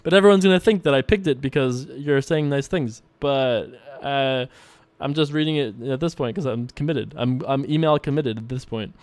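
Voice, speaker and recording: A man's voice: medium pitch, normal speed, a little mellow. A young man streaming online poker, chatting loosely with viewers while he plays and reads their emails, laughing often and swearing casually.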